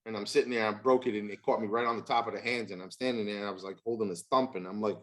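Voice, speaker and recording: A man's voice: lowish voice, fairly even intonation, racing, a bit bright. A man hosting a casual interview, telling folksy stories with a chuckle. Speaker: podcast host, former catcher.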